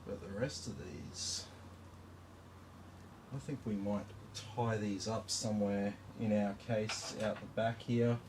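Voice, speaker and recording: A man's voice: fairly low pitch, steady tone, takes it slowly, background noise. An Australian man chatting casually while building a PC, rambling through a story with lots of fillers and the odd swear word. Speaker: PC builder hosting a live stream. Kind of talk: casual chat while working.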